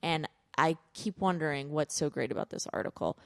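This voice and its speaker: A woman in her thirties talks through a family story in a relaxed podcast chat. Her pitch rises and falls all over the place as she acts out her kids, and her lower notes go gravelly. The sound is close and dry, with no room around it. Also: fairly quick, no echo. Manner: animated storytelling, acts out kids' voices. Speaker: podcast co-host, parent. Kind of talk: casual chat.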